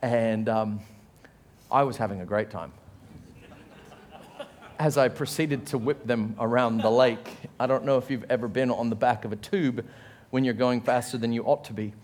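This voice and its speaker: A man with an Australian accent gives a sermon as a pastor, speaking at medium pitch and normal speed with long pauses over a slight hiss or hum. He spins humorous family tales, performing the quotes loudly, and pokes fun at himself, laughing as he narrates.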